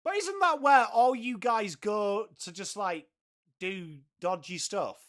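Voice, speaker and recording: Lively bright-voiced man streaming cricket. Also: high-pitched, slow pace. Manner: crude, banter-heavy, reads chat aloud. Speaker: live stream host. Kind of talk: casual cricket watchalong commentary.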